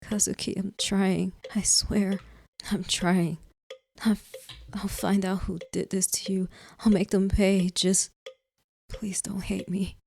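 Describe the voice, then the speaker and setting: A woman's voice: medium pitch, flat delivery, takes it slowly, a little mellow, a little hiss or hum, voice pushed up. A woman voicing a grieving, guilt-ridden young widow who pleads in a half-whisper. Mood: pleading, tearful.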